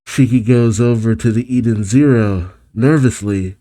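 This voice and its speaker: A young man hosting a manga reaction, reading the chapter aloud in quick put-on voices and reacting with frequent laughs. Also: lowish voice, dark tone.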